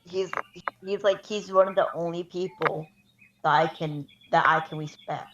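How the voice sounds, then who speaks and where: A woman chiming in casually on a fan story, halting with "um" and swearing now and then. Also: fairly low pitch, steady tone. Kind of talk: casual fan-fiction chat. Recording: echoey lo-fi mic with faint hiss.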